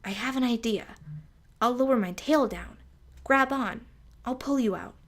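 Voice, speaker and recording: A woman's voice: a little high, unhurried, voice pushed up. A woman voicing a shy, kind young boy snake who speaks bashfully and hesitantly. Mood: helpful.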